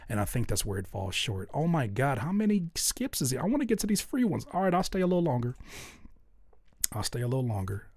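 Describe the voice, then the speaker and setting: Animated, jokey man host, husky and dry. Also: dry recording. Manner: animated, jokey, repeats himself, swings between loud outbursts and low mutters. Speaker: host reviewing music submissions. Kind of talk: casual livestream chat.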